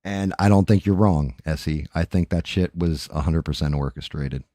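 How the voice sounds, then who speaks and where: A man's voice: very deep voice, normal speed, mellow, no room sound, clean studio sound. A man hosting a live stream, chatting casually and rambling to viewers with frequent profanity, into a microphone. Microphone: studio microphone.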